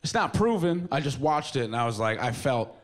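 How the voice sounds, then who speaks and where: A man's voice: medium pitch, lively intonation, brisk. A man in his twenties doing a stand-up comedy set on a club stage, talking in a casual, rambling, self-mocking way into a handheld mic. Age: 20s.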